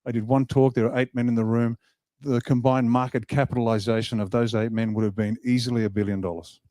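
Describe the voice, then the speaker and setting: A man delivering a rousing motivational speech to a hall, emphatic and full of asides. His voice is mellow and low-toned, and the sound is dry and close. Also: fast talker. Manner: emphatic, animated, jokes with the crowd. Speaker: party leader giving a speech. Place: event hall.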